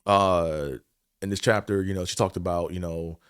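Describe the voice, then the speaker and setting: Low-voiced man telling a rambling story. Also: fairly even intonation, normal speed, clean tone, dry recording, studio quality. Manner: rambling, many fillers, casual swearing. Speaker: podcast host. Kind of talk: casual storytelling and reflection.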